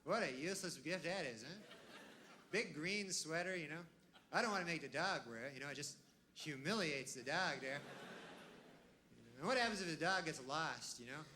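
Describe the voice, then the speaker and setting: A man doing stand-up on a live comedy stage with a higher-than-usual, bright voice. His delivery is deadpan and meandering, full of little tag-ons, and he sinks into quiet mutters on his asides. A faint noise sits under the recording. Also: normal speed. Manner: deadpan and rambling, full of tag-ons like "huh?" and "you know"; drops low and quiet on throwaway asides.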